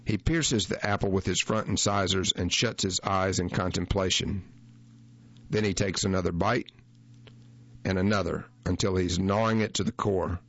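A man with a low voice tells a first-person story in a measured, unhurried way. The recording is dry and dull, with no room sound and the top end rolled off. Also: fairly even intonation, fairly bright tone, no echo. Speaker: narrator. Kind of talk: first-person reading of a magazine feature.

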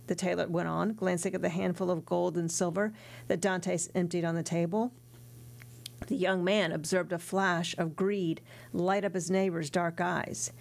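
A woman narrating a classic novel as an audiobook, in measured storytelling. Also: lowish voice, steady tone, creaky. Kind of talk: audiobook reading.

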